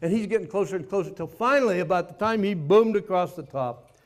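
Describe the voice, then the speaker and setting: An older American man telling his war story to an audience, vivid and folksy. His voice sits a little on the high side for a man. He paints each moment with lively detail. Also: fast. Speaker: speaker, former POW. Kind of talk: dramatic personal storytelling talk.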